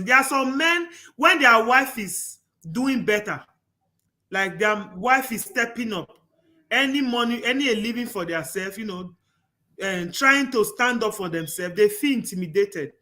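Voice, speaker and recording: A man's voice: high-pitched, pushed and bright. A man hosting a casual panel discussion, talking earnestly and rambling through stories with frequent restarts. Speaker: talk show host.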